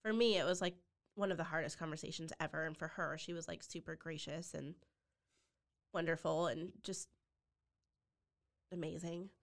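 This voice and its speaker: A woman's voice: deep voice, fairly even intonation, moderate pace, pauses often. Heartfelt woman telling a personal story. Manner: heartfelt, drops to near-whispers when quoting others. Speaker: guest, foster mother.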